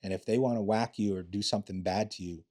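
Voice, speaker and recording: A man's voice: on the low side, fairly even intonation, quick pace, a little mellow. A man in his late fifties, a retired police officer, telling blunt, profane stories in a casual interview and acting out the quotes.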